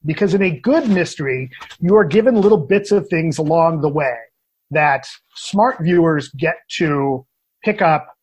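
A man on a podcast as a guest critic, talking casually and opinionated in animated rants. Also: a little high, a little slow, slightly rough.

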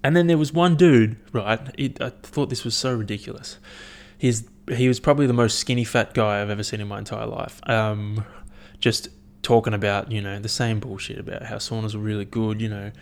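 A man's voice: lowish voice, steady tone, a little fast, creaky. A young man, hosting a casual solo rant, swearing often and rambling animatedly between stories.

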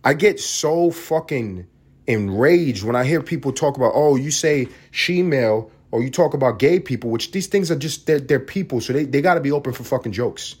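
A man's voice: medium pitch, lively intonation, a little fast, darkish tone, husky. A man hosting a solo podcast, ranting in a profane, heated and sarcastic way. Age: adult parent. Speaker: podcast host.

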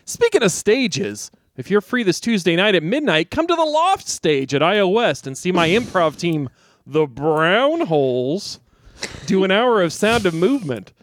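Lively, high-voiced man hosting a jokey bit. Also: normal speed, hardly any pauses. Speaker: comedy podcast co-host. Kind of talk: comedic segment hosting.

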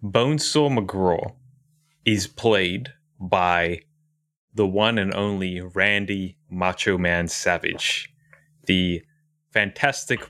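Low-voiced man as podcast guest. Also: pushed and bright. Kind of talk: casual podcast chat.

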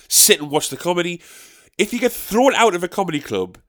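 A stand-up comedian from South Shields, England, with a North East English accent, rants and swears through a casual monologue. He talks fast with lively intonation, breaking into sharp, high-pitched outbursts of disbelief.

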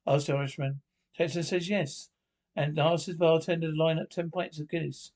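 A man reading a string of pub jokes aloud, halting and restarting often. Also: a little high, little pitch movement, darkish tone. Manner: halting read with frequent restarts. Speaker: joke teller.

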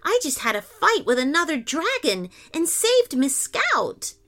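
A woman voicing a bold young girl who dreams of being a superhero, in a high, excited childlike voice. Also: unhurried, full character voice. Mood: eager.

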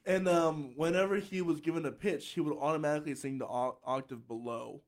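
Male podcast host, light tenor a touch high, loose chatty delivery with frequent restarts. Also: steady tone, a little fast. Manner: chatty, restarts often, laughs easily. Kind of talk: casual chat.

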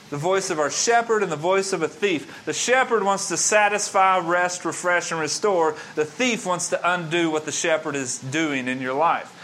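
A man's voice: high voice, a bit bright, a little hiss or hum. A male pastor delivering a sermon with an emphatic, repetitive preaching cadence. His voice sits a little above the usual male range. He builds his points through rhythmic repetition.

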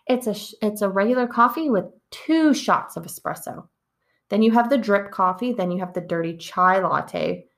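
A woman's voice: medium pitch, lively intonation, moderate pace, gravelly, fairly bright tone. A woman co-hosting a podcast in casual chat, rambling along with lots of "like". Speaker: podcast co-host.

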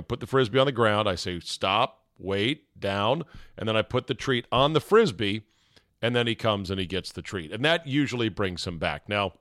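A man hosting a podcast, telling a story in a casual, animated way, swearing now and then and acting out shouts. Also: on the low side, no room sound, studio quality. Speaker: podcast host.

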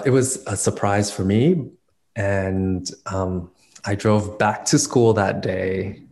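Low-voiced man telling his story. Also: a little mellow. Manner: reflective, lots of fillers and restarts. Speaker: dance choreographer, guest. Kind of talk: casual interview storytelling.

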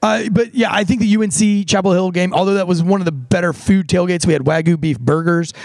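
Gravelly, profane podcast host. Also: male voice, high-pitched, darkish tone, dry recording. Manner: profane, rambling, quick asides. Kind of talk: casual podcast chat with a host-read ad.

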